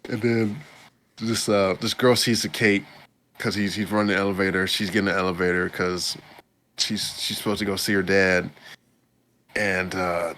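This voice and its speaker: In a laid-back podcast, the male host recaps an anime episode in a rambling way, full of restarts and chuckles. He speaks low and flat at a normal speed, his tone fairly bright, over a little hiss or hum.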